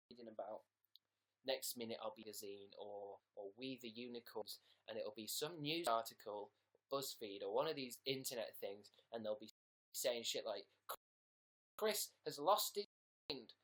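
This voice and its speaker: A man's voice: medium pitch, a bit bright. A man with an English accent chatting casually on a livestream, rambling and joking at his own expense. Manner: rambling, silly and self-mocking. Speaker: livestream host.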